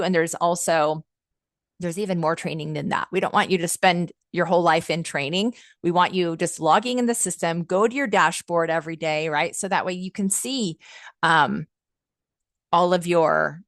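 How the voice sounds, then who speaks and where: A woman with a fairly low voice leads a software training webinar as a customer success manager. She talks in an upbeat, chatty, enthusiastic way and often uses "like" and "um." Her voice is recorded close and dry, with no room sound. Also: dry recording. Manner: frequent "like" and "um" fillers.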